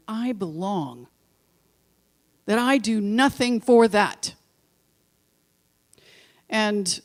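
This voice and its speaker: A woman minister preaching to her congregation in a church. She tells stories and drives points home through slow, deliberate repetition. She breaks off for chatty, informal asides to the room. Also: medium pitch, darkish tone. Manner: storytelling with slow, emphatic repetitions. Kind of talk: sermon. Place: church sanctuary.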